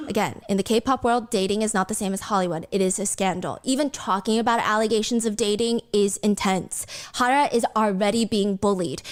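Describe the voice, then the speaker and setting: A woman hosting a reaction video, recapping a TV clip and earnestly explaining the cultural context with sympathy. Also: a little high. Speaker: reaction channel host.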